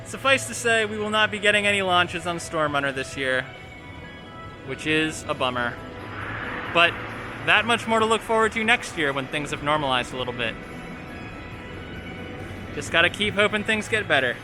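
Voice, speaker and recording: A man chatting casually as a vlogger, outdoors at an amusement park, upbeat and wry. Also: a little high. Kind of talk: casual vlog commentary.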